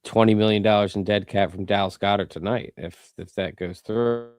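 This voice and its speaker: A man's voice: lowish voice, fairly even intonation, moderate pace, darkish tone. A man with a Philadelphia accent, co-hosting a sports podcast in easygoing casual chat, often repeating words. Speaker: podcast co-host.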